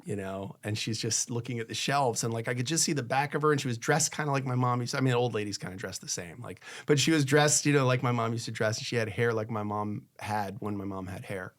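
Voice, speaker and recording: A male divorce lawyer dispenses blunt marriage advice in a chatty way, fast and with hardly any pauses, at medium pitch. He voices each spouse in turn and becomes soft and hushed when a personal story comes up.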